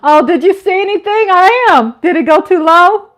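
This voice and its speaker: A woman's voice: extremely high pitch, lively intonation, moderate pace. A woman in her fifties hosting a casual livestream, reading chat comments aloud with playful giggles and little sung riffs. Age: 50s. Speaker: livestream host.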